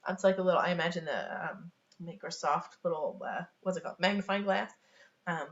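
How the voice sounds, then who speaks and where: A woman's voice: on the low side, fast talker. Chatty woman teaching from a webcam. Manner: chatty, many fillers and small laughs. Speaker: sign language teacher. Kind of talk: casual online teaching. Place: home room. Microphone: webcam on a video call. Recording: echoey, dull home webcam recording.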